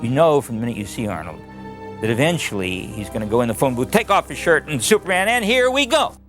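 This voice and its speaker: A man, a screenwriter, telling a story quickly in a featurette interview. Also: mid-range voice, big pitch swings, a bit bright, soft background music. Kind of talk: anecdotal interview.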